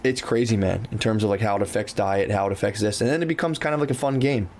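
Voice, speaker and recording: A man co-hosting a podcast talks in a relaxed, profane way, peppering his talk with "dude" and acting out his own inner voice. His voice sits on the low side. A faint background hiss runs under him. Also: fast. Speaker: podcast co-host. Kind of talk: casual chat.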